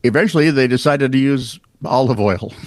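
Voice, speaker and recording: A man co-hosting a podcast, reading out odd news stories in a wry, animated storytelling way with casual asides. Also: medium pitch, moderate pace, no echo. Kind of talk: casual comedic news chat.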